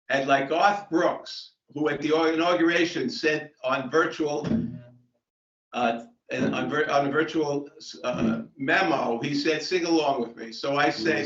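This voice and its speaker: An older man, a performer at an online open mic, talking in a casual, unhurried, rambling way over a video call. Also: medium pitch, a bit bright, recorded from a distance. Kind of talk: casual chat and joke telling. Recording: roomy, dull video-call audio.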